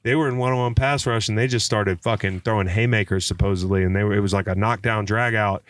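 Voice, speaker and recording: A man on a podcast, telling a story in casual chat, animated and swearing, acting out quotes. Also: on the low side, quick pace, dry recording. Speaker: podcast guest.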